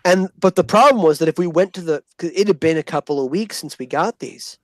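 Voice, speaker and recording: A man with a voice on the high side talks a little fast as he casually tells a profane vlog story about army basic training. He's animated and acts out the voices of the people he quotes, and the recording has no echo.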